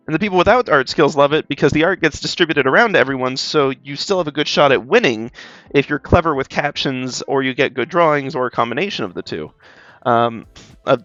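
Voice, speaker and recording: A man's voice: mid-range voice, a bit bright, no echo. Upbeat rambling tired man, dry dull mic. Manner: rambling, upbeat, chuckles, many ums. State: tired but energetic. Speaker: art streamer. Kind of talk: casual streaming chat while drawing.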